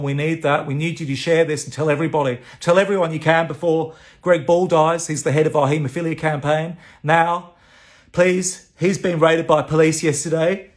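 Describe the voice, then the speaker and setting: A man giving an urgent, indignant address on a live video and repeating phrases for emphasis. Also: on the high side. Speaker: campaign advocate on livestream.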